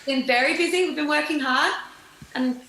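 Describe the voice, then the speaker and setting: Bright Australian woman in an echoey room. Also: high-pitched, normal speed. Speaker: guest songwriter.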